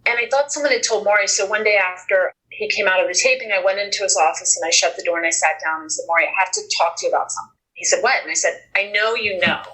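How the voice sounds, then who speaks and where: A woman's voice: mid-range voice, fast talker, few pauses, low-quality recording. Earnest woman telling her story. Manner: earnest, animated retelling with quoted dialogue. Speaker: guest. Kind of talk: conversational storytelling.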